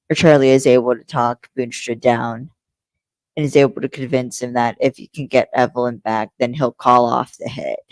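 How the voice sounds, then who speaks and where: This young woman, co-hosting a podcast, speaks at an extremely low pitch with a darkish tone. She recaps a TV episode's plot in a rambling, chatty way full of fillers, on a low-quality recording with no echo.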